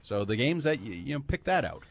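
Man, sports talk co-host, sarcastic, husky voice, quick talker. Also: medium pitch, very animated, dry recording. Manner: sarcastic, mocking. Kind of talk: casual sports debate.

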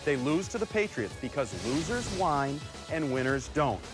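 A man's voice: big pitch swings, normal speed, over music. A man in his thirties hosting a sports show with cocky, needling opinions. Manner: cocky, needling, swings pitch for emphasis. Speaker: host.

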